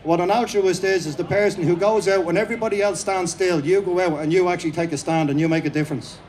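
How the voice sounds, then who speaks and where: A middle-aged Irish man giving a rousing, fast-paced speech at an outdoor rally. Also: high-pitched, steady tone, a little mellow. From Ireland. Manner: fast-talking, repetitive, rousing. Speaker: speaker at a rally.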